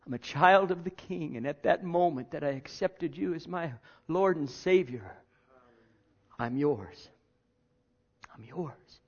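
A man preaching a sermon, reading scripture and then talking with big swings from loud declarations to hushed, almost whispered lines. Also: a little high. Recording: dull lo-fi sound.

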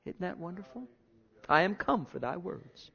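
A man's voice: high voice, sing-song, normal speed, creaky, husky. Impassioned male preacher, muffled recording. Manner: dramatic, swings from loud to near-whisper. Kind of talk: sermon. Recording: dull lo-fi sound.

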